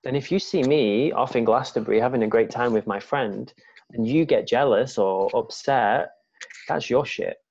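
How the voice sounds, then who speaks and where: A man speaking as a guest in a casual conversation, talking slowly and deliberately in a soft, measured way. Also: medium pitch, creaky, breathy edge. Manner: slow, deliberate, soft-spoken. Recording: dull lo-fi sound.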